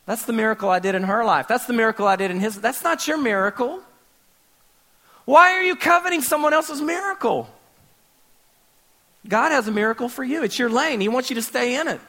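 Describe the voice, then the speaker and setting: Animated, bright-voiced male preacher. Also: very high voice, a little fast, long pauses. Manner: animated storytelling, acts out scenes and sound effects. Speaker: pastor. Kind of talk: sermon.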